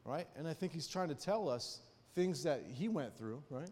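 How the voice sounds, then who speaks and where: Male preacher, slightly high voice, chatty storytelling sermon with rhetorical asides, long hall echo. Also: animated, normal speed, a little mellow. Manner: frequent rhetorical check-ins with the listeners; personal storytelling. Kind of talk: conversational sermon.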